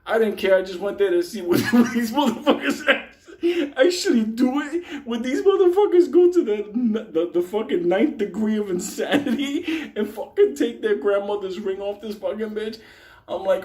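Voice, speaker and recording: A man with a fairly high voice tells a story in a loose, rambling way. He swears in nearly every line and keeps cracking himself up. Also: moderate pace. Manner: profane, laughs often; animated, rambling. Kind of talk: casual storytelling.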